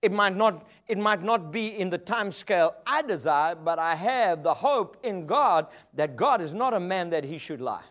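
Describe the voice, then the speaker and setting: Man, preacher, fairly high voice, emphatic sermon delivery, call-and-response. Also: lively intonation, moderate pace, few pauses, fairly bright tone.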